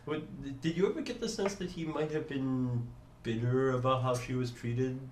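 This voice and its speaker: A man playing a tabletop game, asking questions in character in a measured, inquisitive way. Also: medium pitch, roomy sound, slight background noise. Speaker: player.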